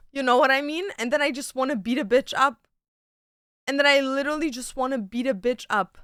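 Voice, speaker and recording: A woman's voice: high-pitched, a bit bright, dry recording, studio quality. A young woman streaming from home, telling a ranting story in casual chat full of fillers and swearing.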